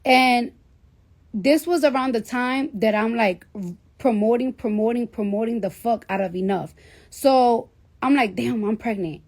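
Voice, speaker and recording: A woman's voice: fairly high pitch, measured pace, darkish tone. A woman in her thirties telling a personal story casually, with blunt, profane talk and lots of fillers. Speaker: celebrity on a livestream.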